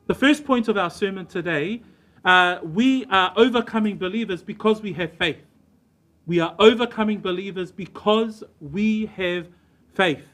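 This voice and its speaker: A man preaching a church sermon in an emphatic way, slowing down and stressing key words. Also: high voice, a bit bright. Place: church service.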